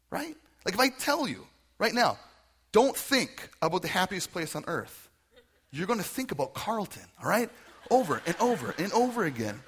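A man preaching a conversational sermon, animated, often acting out quoted voices. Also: fairly high pitch, husky. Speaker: pastor.

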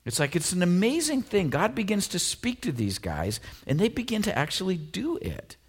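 A man preaching a casual, conversational sermon, full of fillers and lively asides. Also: high-pitched, moderate pace, husky. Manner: conversational, animated, many fillers like "you know" and "like". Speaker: pastor.

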